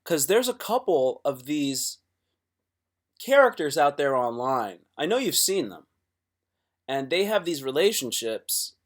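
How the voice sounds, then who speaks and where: A man talking casually to his livestream chat, rambling and swearing, with many restarts. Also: medium pitch.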